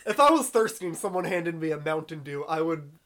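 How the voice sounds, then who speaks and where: A man co-hosting a casual chat, with a plain mid-pitched voice. He talks dryly, slipping in wry jokes. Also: animated, brisk, fairly bright tone, slight background noise. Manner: dry, wry, plays up jokes. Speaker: podcast co-host.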